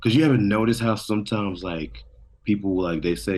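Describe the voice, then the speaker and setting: A man's voice: on the low side, normal speed, a little mellow, a little hiss or hum. A man co-hosting a podcast, musing in laid-back, profane casual chat over a remote call. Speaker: podcast co-host. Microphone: remote call setup.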